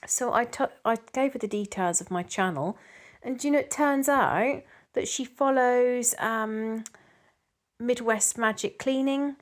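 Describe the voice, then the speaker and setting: A middle-aged woman chatting casually to camera as a vlogger, reading out viewer comments in a rambling way with frequent ums and restarts. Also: fairly high pitch.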